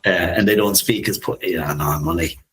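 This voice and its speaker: A man in his fifties, co-hosting a podcast in a reflective, musing conversational way, soft-spoken and often laughing. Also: low voice, a little fast, slight background noise. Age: 50s. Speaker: podcast co-host.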